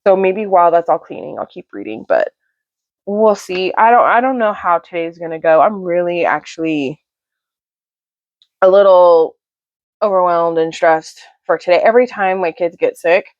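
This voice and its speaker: A chatty woman in her thirties recaps a book at home, rambling and animated as she slips into the voices of the characters. Her voice is muffled and a little dull, and it sounds dry and close, without room echo. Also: lowish voice, normal speed. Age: 30s. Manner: animated, rambling storyteller who acts out quotes. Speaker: book vlogger and mother. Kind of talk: casual chatty retelling of a book. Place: home, sitting on a couch beside her sleeping son.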